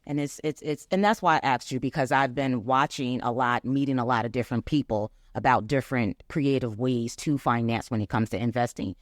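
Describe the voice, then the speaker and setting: A man's voice: mid-range voice, brisk, few pauses, no echo, studio quality. Rambling man asking a question from the floor. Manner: rambling, with many fillers. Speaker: audience member asking a question.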